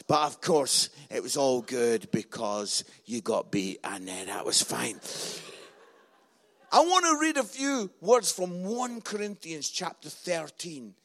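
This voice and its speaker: A middle-aged Scottish man preaching from the front, his voice sitting high for a man. He tells his stories with lots of humour and acts out the quarrels with sudden raised voices. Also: sing-song, measured pace, gravelly. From Scotland. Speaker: visiting preacher. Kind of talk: humorous sermon storytelling.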